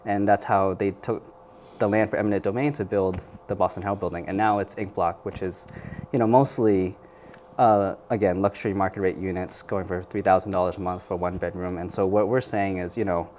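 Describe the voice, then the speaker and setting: A man, a community organizer guest in a news interview, answering in a measured, thoughtful way with frequent fillers. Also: sits low, steady tone, a little mellow, slight background noise.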